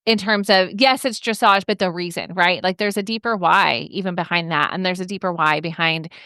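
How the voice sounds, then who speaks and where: A woman hosts a podcast with a bright, forward voice. She reflects on her guest's story and affirms it. The sound is close and dry. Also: on the low side, fairly even intonation, a little fast, clear, resonant tone, no echo. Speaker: podcast host. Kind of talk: casual podcast interview.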